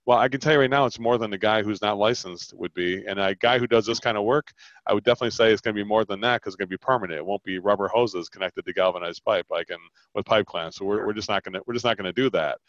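On dull, lo-fi call audio, a man with a lowish voice talks fast in a dry recording. He's coaching someone on sales, lively acting out each side of the conversation.

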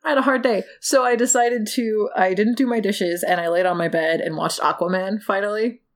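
Young woman, medium-pitched, loose rambling podcast chat, casual swearing. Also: fairly quick. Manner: rambling, chatty, laughs easily, swears casually.

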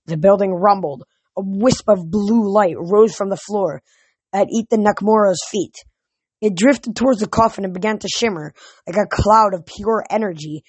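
Husky woman reading a novel aloud. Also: medium pitch, darkish tone, no echo. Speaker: reader.

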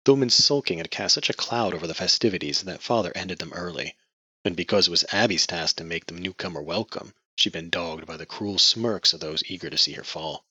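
A man narrating a novel in measured, scripted storytelling. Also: deep voice, pushed and bright, slightly rough, dry recording. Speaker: audiobook narrator. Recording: muffled lo-fi dry recording.

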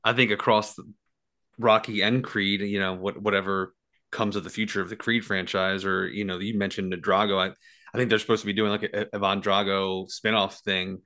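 A man's voice: on the low side, level tone, a little fast, bright, forceful tone. A man on a podcast, musing loosely about film franchises with many fillers. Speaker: podcast co-host. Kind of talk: casual film discussion.

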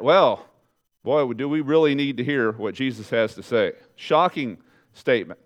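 A pastor preaches to his congregation at a moderate pace, animated and conversational as he speaks directly to the people before him. To drive a point home, he lets his voice drop low and soft.

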